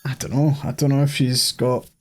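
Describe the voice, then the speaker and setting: A Scottish man commentates on his game play in a sweary, animated way, reacting aloud to each moment. His voice sits at a middle pitch, with faint music underneath. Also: normal speed. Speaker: gaming streamer.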